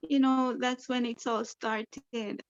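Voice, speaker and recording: A woman with a fairly high voice plays a troubled client in a counseling role-play. She talks slowly and repeats herself, circling back to the same filler phrases. The sound is the dull, lo-fi audio of a video call. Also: steady tone. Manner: repetitive, leans on "you know".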